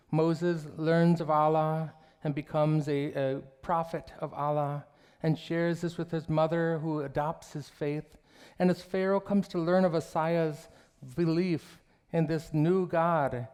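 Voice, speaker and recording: A man preaching a sermon in a church, telling stories and parables with quoted dialogue and slowing down on key phrases. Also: fairly high pitch, warm tone, clean tone. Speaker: minister. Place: church sanctuary.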